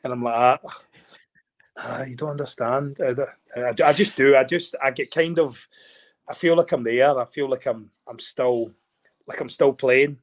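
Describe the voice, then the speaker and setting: A Scottish man, a former rugby player, chatting as a guest, excitable and animated, often repeating and restarting words. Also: mid-range voice, a little slow. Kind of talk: casual chat.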